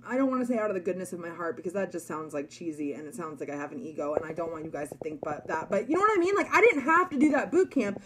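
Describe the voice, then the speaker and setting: A woman's voice: fairly low pitch, animated, rapid-fire, few pauses. A young woman giving a chatty, emphatic motivational talk to her followers. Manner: chatty, emphatic, many likes and you guys. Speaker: network marketer.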